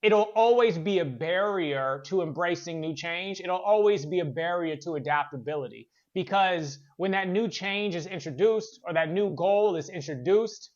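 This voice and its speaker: A man's voice: sits high, normal speed, few pauses, lo-fi sound. A man giving a motivational talk as a workplace trainer, earnest and conversational, telling a story with fillers and repeats.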